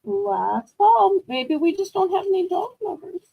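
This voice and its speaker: Brief: woman host of a live selling stream, high and chatty, dry dull lo-fi sound. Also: big pitch swings, a little slow, creaky, no room sound. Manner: chatty, gushing and upbeat. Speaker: online auction host.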